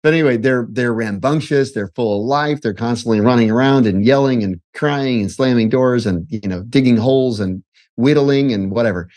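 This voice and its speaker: A man in his forties, a podcast guest, telling casual stories in an animated way, often breaking off and laughing. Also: medium pitch, moderate pace. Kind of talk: casual storytelling.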